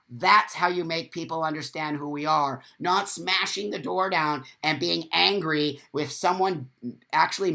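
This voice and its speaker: A man's voice: on the high side, vocal fry, sharp tone. A man hosting a casual live stream, talking bluntly and swearing freely, and reading out viewer comments as he goes. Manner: reads viewer comments aloud.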